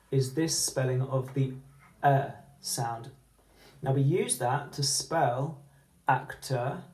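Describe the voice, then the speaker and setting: A man teaching a phonics lesson, slowly sounding out letters and words. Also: medium pitch, darkish tone, reverberant, poor audio. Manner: slow, deliberate, sounding out letters.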